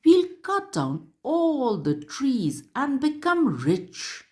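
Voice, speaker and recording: A woman's voice: sits high, huge pitch swings, extremely slow, a little mellow, pitched above the performer's own voice, exaggerated voice. A woman reading the lines of greedy wicked men who plan to get rich, in a gloating tone, in a story for children.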